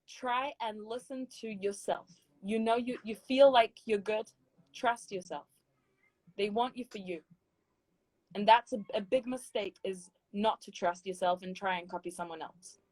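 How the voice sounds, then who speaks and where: A woman's voice: medium pitch, a little slow, darkish tone, no room sound, low-quality recording. A woman with a British accent, a guest singer giving emphatic, encouraging advice in a casual chat interview. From Britain.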